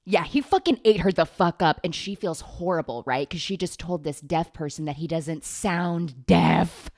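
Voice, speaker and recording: A woman's voice: fairly low pitch, moderate pace, darkish tone. A young woman vlogger recapping a movie from memory in a casual, gossipy, sarcastic way, full of swearing.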